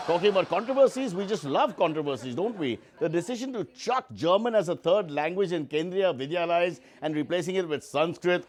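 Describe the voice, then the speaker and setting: Animated man hosting a comedy show. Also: on the high side, a little fast, few pauses, a little hiss or hum. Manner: animated, mock-indignant. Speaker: host.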